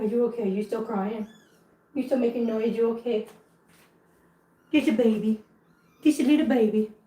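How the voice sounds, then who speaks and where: A woman vlogging at home with her cats, switching between soft baby talk to kittens and chatty asides to viewers. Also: fairly high pitch, reverberant, poor audio. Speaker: cat channel vlogger. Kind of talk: casual vlog chat.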